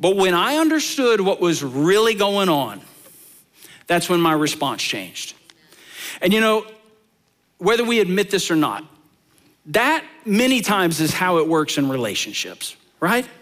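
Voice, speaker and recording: A man preaching a sermon as pastor, talking to the congregation in a conversational way, asking rhetorical questions and telling lively stories. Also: high voice, a little slow, long pauses. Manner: animated storytelling.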